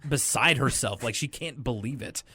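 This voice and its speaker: A man's voice: mid-range voice, normal speed, pushed and bright, slightly rough, no echo. Man chatting loosely on a dry mic. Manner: loose, rambling, retells scenes with quotes. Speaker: podcast co-host. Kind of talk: casual chat recapping a cartoon.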